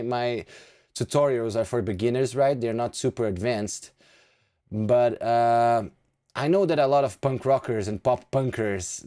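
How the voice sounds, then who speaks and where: Mellow-voiced man streaming live. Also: medium pitch. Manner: chatty and self-deprecating, laughing between thoughts. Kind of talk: casual live-stream chat.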